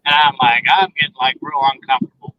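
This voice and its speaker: A man's voice: a little high, fast. A man telling a story as a guest in a phone interview, earnestly retelling each exchange with many "I said" and "he said" remarks. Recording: dull lo-fi phone line.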